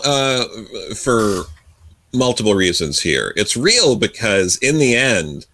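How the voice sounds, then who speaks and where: A low-pitched man with a bright, forceful tone jumps in with quick, emphatic points. He stumbles and restarts now and then. The sound is dry and close. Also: no echo. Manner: quick bursts of agreement, stammering restarts. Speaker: podcast co-host. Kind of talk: casual comic book discussion.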